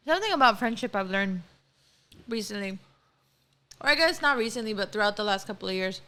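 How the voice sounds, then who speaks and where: A woman's voice: mid-range voice, expressive, brisk, pushed and bright. A woman co-hosting a casual chat show, talking freely and slipping between English and Spanish. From Texas. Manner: chatty, mixes English and Spanish. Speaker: co-host.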